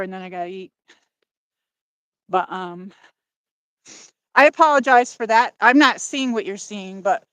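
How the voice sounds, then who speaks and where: A woman walking outdoors at dusk and chatting to her livestream viewers, slightly out of breath. She rambles and apologizes as she goes, with a mid-pitched voice. The sound is dry and close, picked up by a phone on a gimbal. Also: fairly bright tone, clear, resonant tone, dry recording. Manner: rambling, apologetic, talks to chat. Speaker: livestream host. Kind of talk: casual livestream chat while walking.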